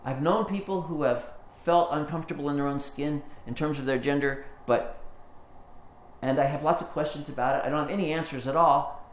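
A man preaching a sermon, telling a personal story in an earnest way, rising when he retells the moment and going low and soft as he reflects. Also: fairly quick. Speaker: pastor. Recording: echoey room with faint ambient noise.

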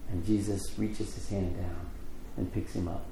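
A middle-aged man preaching a sermon, telling the story with lively acted quotes and conversational asides. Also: sits low, a little slow, gravelly, reverberant, slight background noise, poor audio. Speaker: pastor.

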